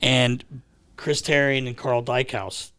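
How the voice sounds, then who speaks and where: A man co-hosting a podcast in a studio, telling animated stories with frequent laughter and swearing. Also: mid-range voice, slow pace, crowd noise. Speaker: podcast co-host. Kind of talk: casual storytelling.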